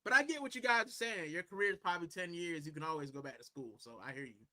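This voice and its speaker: A man hosting a live stream from a corner at home, his voice sitting high and sounding very bright and forceful. He rambles loosely and casually, answering viewers' comments and dropping "bro" into almost every sentence. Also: fast. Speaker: livestream host.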